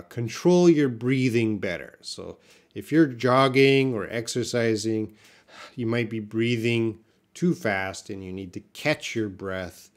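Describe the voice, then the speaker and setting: Slow, deliberate male English teacher. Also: lowish voice. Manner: slow, deliberate, explains patiently to viewers. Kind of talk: live-streamed English lesson.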